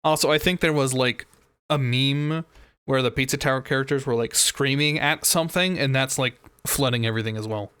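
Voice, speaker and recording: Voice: fairly quick, smooth, no echo, studio quality. A streamer chatting casually and rambling while playing a video game, with frequent restarts. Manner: rambling, animated, jumps into squeaky impressions. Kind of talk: casual gameplay commentary. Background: video game music.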